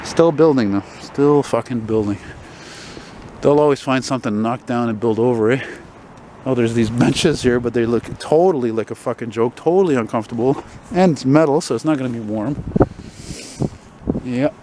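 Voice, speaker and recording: A man's voice: mid-range voice, normal speed, warm tone, slight background noise, poor audio. A man rambling and swearing as he films a walking vlog on a city street with a handheld camera. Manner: rambling, profane, wry asides. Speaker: vlogger.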